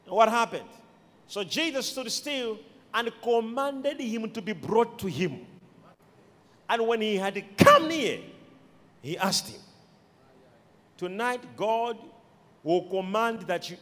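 A man preaching a sermon, emphatic, with sudden shouted peaks and quiet asides, recorded in an echoey church hall. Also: very high voice, expressive, slow pace, pauses often.

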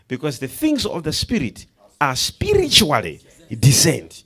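A man preaching a sermon, swinging between hushed asides and loud emphatic declarations, acting out the people in his stories. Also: fairly high pitch, huge pitch swings, measured pace, husky. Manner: quotes and acts out characters in the story, laughing.

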